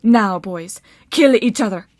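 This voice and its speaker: A woman's voice: mid-range voice, expressive, measured pace, darkish tone, no room sound, natural voice. Audiobook villain: a sneering sorceress, read by a woman, condescending, dry close sound. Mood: mocking. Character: haughty scheming sorceress woman, mocking.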